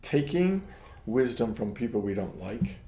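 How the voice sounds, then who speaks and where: A man's voice: mid-range voice, sing-song, measured pace, mellow, reverberant. A man, a pastor co-hosting a casual ministry podcast, talking reflectively and checking in with "right?". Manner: reflective, adds "right?" often. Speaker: pastor, co-host.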